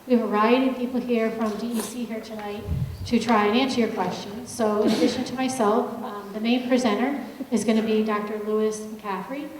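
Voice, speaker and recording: A woman moderating a public agency meeting introduces the panel in a friendly way, with many fillers. Her voice sits on the high side, a little mellow, brisk with few pauses and fairly even intonation, recorded distantly in an echoey large public meeting hall carrying a faint hum.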